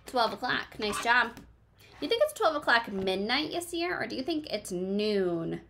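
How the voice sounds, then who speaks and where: A woman's voice: fairly high pitch, sing-song, unhurried, gravelly, a bit bright. A woman teacher reading a picture book aloud to a class, asking questions and encouraging children by name.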